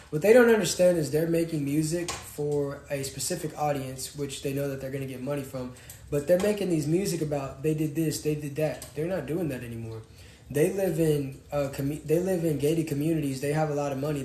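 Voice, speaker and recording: A young man, co-hosting a casual live-stream chat in an animated, slangy way. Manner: animated, slangy, jumps from loud to low. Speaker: podcast co-host. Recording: roomy echo, faint noise.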